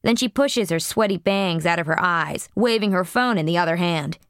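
A woman's voice: on the low side, brisk, smooth, no echo, clean studio sound. A woman narrating an audiobook in a blunt, profane first-person voice.

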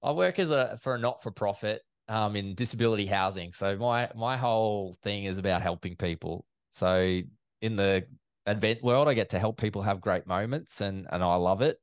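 A man's voice: on the low side, moderate pace, clear, resonant tone, dry recording, studio quality. A man, an event MC telling stories in a casual interview and acting out quoted exchanges. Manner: chatty and animated, acts out quoted exchanges. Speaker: event MC and commentator.

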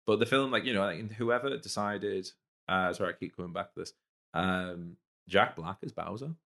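A man with a low, deep voice co-hosts a casual podcast. He talks with eager enthusiasm, and his sentences wander and restart as he thinks aloud. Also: normal speed, creaky, a bit bright. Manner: enthusiastic, rambling. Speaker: podcast co-host. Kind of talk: casual chat.

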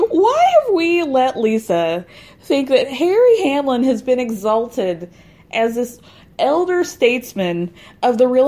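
A woman casually recapping a TV reunion, sarcastic, with frequent laughs and animated asides. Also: fairly high pitch. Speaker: podcast host recapping a TV reunion.

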